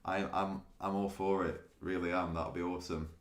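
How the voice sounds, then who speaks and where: Chatty low-voiced man, echoey room. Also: level tone, moderate pace. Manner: chatty, laughs often, restarts sentences. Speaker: day trading streamer. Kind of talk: casual live-stream chat with viewers.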